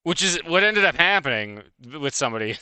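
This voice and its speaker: Male streamer, bright and crisp, rapid profane rant, dry close sound. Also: fairly high pitch, sing-song, dry recording. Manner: fast, profane, heated and laughing. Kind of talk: casual live-stream rant.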